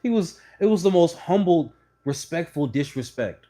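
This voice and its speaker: A man telling stories and opinions to his channel in a blunt, profane, animated way while sitting on a couch indoors. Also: a little high, moderate pace. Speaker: channel host. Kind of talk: casual opinion monologue.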